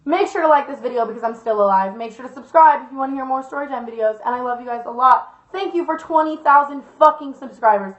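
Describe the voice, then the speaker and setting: A woman's voice: sits high, fast talker, few pauses. A young woman vlogger telling a storytime tale in a dramatic, profane way, full of fillers. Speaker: YouTuber. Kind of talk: storytime vlog. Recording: echoey lo-fi room sound.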